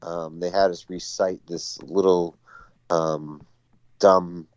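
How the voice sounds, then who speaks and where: A man with a low voice calls in over a dull, lo-fi phone line that sounds close and dry. He is a schoolteacher chatting casually, rambling through his stories and poking fun at himself. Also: steady tone, slow pace, no room sound. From Boston area. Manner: rambling, self-mocking, laughing at his own stories. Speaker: schoolteacher, call-in guest. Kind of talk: casual chat. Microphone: phone call.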